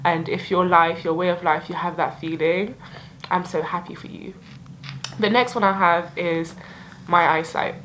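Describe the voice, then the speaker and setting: A woman's voice: fairly low pitch, steady tone, normal speed, fairly bright tone, a little hiss or hum, poor audio. A young woman in a reflective year-end vlog, talking in a heartfelt, emotional way with lots of filler likes. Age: young adult. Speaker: vlogger.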